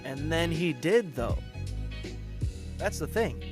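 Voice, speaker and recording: A man's voice: fairly high pitch, animated, slow, music in the background. A man giving blunt, scornful reaction commentary with crude language.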